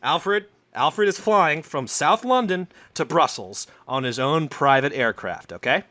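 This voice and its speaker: A man with a bright, slightly high voice spins a story on a comedy podcast. He talks loosely and swears freely, and a laugh keeps slipping in. The sound is close and dry. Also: expressive, a little slow, no room sound. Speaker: podcast co-host telling the story.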